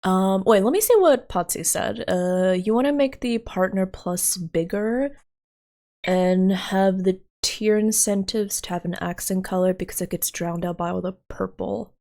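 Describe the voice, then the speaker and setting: Woman streamer, unhurried, giggly, talks to herself while working, lots of "um" and "like". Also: medium pitch, a little mellow. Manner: thinking aloud while working, giggly, filler-heavy. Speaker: livestreamer. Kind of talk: casual livestream chat.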